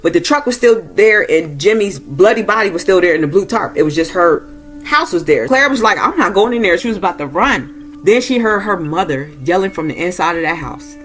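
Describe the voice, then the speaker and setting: A woman recaps and reviews a movie casually, saying "y'all" and acting out characters' lines in a raised voice with rising pitch. Her delivery is brisk with lively intonation and a fairly bright tone, over soft background music.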